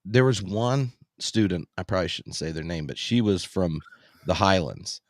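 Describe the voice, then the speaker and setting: A man hosting a podcast in casual chat, telling animated anecdotes. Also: deep voice, moderate pace, no room sound, studio quality. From US South. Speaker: podcast host.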